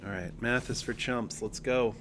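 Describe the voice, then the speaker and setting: A man streaming a card game, joking and thinking out loud as he plays. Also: mid-range voice, steady tone, moderate pace, noisy background. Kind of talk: casual card-game livestream commentary.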